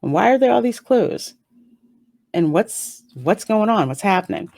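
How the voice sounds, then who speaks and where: A woman giving a casual, stream-of-consciousness review of a TV episode, chatty and animated, with sudden jumps up in pitch. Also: measured pace, gravelly. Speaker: YouTube reviewer.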